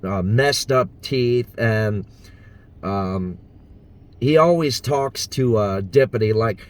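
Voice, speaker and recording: Slow, low-voiced Southern man. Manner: hesitant, many fillers. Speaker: impressionist vlogger. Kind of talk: casual vlog talk.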